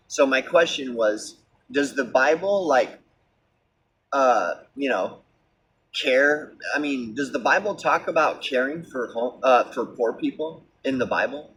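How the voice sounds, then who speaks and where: A man's voice: mid-range voice, animated, takes it slowly, a bit bright, slightly rough. A man delivering a heated, sarcastic and profane ranting monologue, full of fillers like "like" and "you know.". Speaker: vlogger. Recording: distant mic with faint background hiss.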